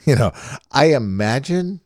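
A man's voice: medium pitch, lively intonation, a little slow, a little mellow, no room sound, clean studio sound. A man co-hosting a casual podcast chat, rambling and laughing, often restarting his sentences. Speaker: podcast co-host.

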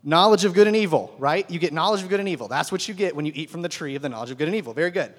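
Guy teaching a bible class, kinda high voice, laid back and chatty, big echoey hall. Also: animated, rapid-fire. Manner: conversational, keeps asking "right?". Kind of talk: casual Bible lesson to a group. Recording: long hall reverb.

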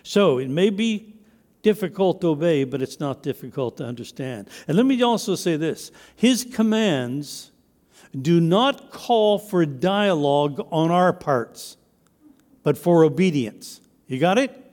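A man's voice: on the high side, lively intonation, unhurried, a little mellow, big-room sound. A man preaching a sermon as pastor, emphatic, with his voice rising and dropping to stress his points.

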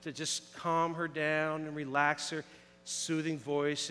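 A man's voice: fairly high pitch, little pitch movement, slow, background noise. A man in his thirties preaching a casual sermon, telling stories and asking the congregation questions. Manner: casual storytelling with audience questions. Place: church sanctuary. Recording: echoey hall.

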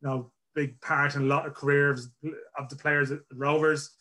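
A man's voice: on the high side, level tone, normal speed, sharp tone. A man from Ireland hosting a football podcast in casual chat, rambling and self-deprecating. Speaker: podcast host.

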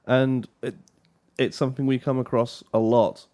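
A man doing a games podcast co-host with a mid-pitched, even voice. He talks in a measured, thoughtful way, often pausing to restart a thought. It sounds like relaxed conversation between friends. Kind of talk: casual chat about games.

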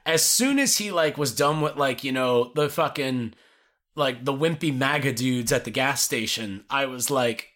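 A man's voice: medium pitch, a little slow, fairly bright tone. A man casually reviewing a movie with a co-host, rambling and swearing with lots of "like". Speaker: podcast co-host.

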